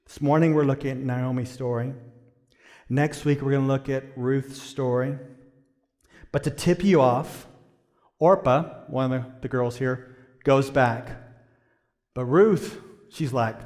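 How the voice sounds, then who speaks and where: A male pastor delivering a sermon, building from quiet to loud emphasis and questioning the congregation. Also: medium pitch, fairly even intonation, a little slow, pauses often. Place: church sanctuary. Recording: long church reverb.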